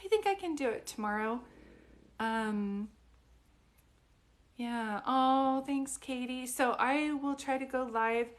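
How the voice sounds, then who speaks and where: A woman giving psychic readings on a livestream, soft and soothing, calling people sweetie and honey, often restarting her sentences. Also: high-pitched, takes it slowly, long pauses. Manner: rambling, restarts mid-sentence. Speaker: psychic medium doing live readings.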